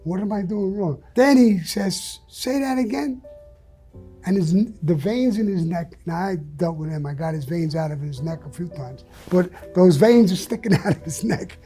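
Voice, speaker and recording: A man being interviewed, telling a story bluntly and profanely in a casual, animated way. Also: high-pitched, normal speed, hardly any pauses, breathy edge, faint music behind. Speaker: interview guest.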